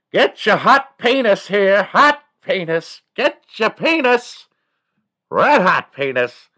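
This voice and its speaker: Male host, 40s, from Texas; rambling, foul-mouthed storyteller with a bass-low voice. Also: no echo, studio quality. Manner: rambling, profane, laughs at his own stories. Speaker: morning show host. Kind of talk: casual comedic storytelling.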